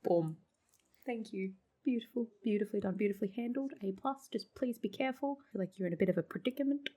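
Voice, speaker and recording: A woman hosting a reaction video, exclaiming, swearing and laughing through quick asides. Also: mid-range voice, warm tone. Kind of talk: casual reaction commentary.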